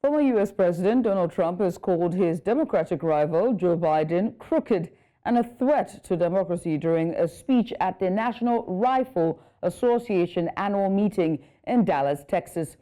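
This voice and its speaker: A woman news anchor reading scripted world news, steady with small slips and fillers. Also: medium pitch, moderate pace.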